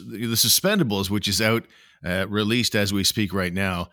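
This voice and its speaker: A man hosting a casual podcast, quick to joke and laugh. His voice sits low but sounds bright and forward. The recording is dry and close, with faint music in the background. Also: steady tone, dry recording. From Canada. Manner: upbeat, jokey, laughs easily. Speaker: podcast host. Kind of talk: casual chat.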